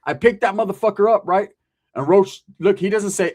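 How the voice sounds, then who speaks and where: A man with a notably high-pitched voice tells a story in rough street slang. He is animated and swears constantly, and he chuckles at his own jokes as he goes. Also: normal speed. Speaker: storyteller, ex-convict. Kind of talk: casual profane storytelling.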